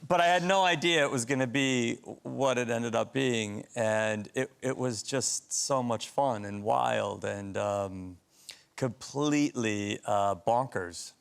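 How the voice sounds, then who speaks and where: A man's voice: mid-range voice, takes it slowly, creaky, clear, resonant tone. A man actor on a chat show, laid-back and laughing easily.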